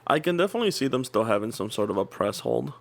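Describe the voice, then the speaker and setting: A man's voice: mid-range voice, very animated, vocal fry. A young man, a college student, co-hosting a gaming podcast in easygoing casual chat. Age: young adult. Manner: agreeable, lots of quick yeahs. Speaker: podcast co-host.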